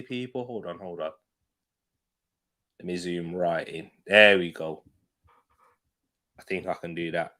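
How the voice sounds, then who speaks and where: A man's voice: on the low side, fairly bright tone. Chatty British man live-streaming. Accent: British English. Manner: chatty, laughs often, reads out viewer comments. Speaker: football watch-along streamer. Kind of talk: live stream chat and match commentary. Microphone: desk mic, sits back from it.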